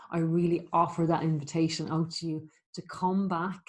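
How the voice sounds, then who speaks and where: A woman teaching meditation, explaining the practice in a gentle, encouraging, chatty way with plenty of fillers. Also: deep voice, level tone, normal speed, few pauses. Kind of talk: spoken meditation instruction.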